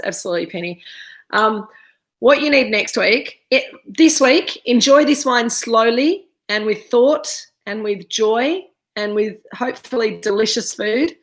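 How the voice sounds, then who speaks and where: A woman's voice: fairly high pitch, a bit bright. A woman hosting a live virtual wine tasting over a video call, talking in a chatty, digressive way and often losing her thread. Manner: chatty, digressive, easily sidetracked. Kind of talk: casual live-streamed presentation.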